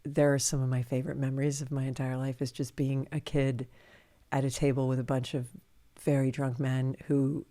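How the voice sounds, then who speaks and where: Low-pitched author lady, middle-aged, chatty and laughing, does voices for people in her stories. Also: moderate pace. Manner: lively, laughs often, acts out quoted people. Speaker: author and podcast guest. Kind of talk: candid conversational storytelling.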